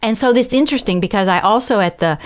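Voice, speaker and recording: A woman's voice: mid-range voice, fast. A woman with a Southern American accent, a podcast guest, telling a personal story in an earnest, reflective way and acting out the people she quotes. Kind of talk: conversational storytelling.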